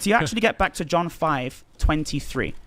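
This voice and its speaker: A man in a formal religious debate, pressing his argument in a fast, insistent way. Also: a little high, animated, fairly bright tone.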